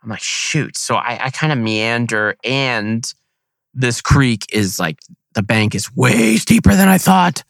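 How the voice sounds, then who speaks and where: A man casually telling a hunting story on a podcast, animated and slangy, acting out his own thoughts. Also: mid-range voice, unhurried, vocal fry, dry recording.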